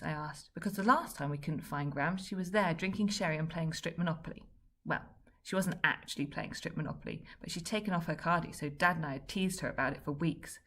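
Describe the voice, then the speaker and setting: Brief: woman storybook reader, low, raspy and gravelly, wry delivery. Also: fast talker, hardly any pauses, a bit bright. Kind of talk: children's book reading.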